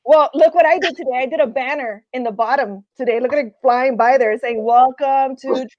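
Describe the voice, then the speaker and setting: A woman's voice: sits high, brisk, darkish tone, no room sound, lo-fi sound. A woman co-hosting a casual live-stream chat, playful and teasing with her guests. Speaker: co-host.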